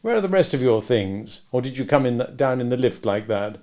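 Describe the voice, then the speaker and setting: A man's voice: medium pitch, sing-song, brisk, darkish tone. A man voicing a confident, sarcastic male spy with a cool, bantering manner.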